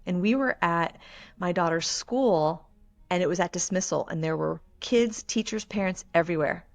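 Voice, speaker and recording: A woman guest on a podcast, telling a personal story in an earnest, measured way. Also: fairly low pitch.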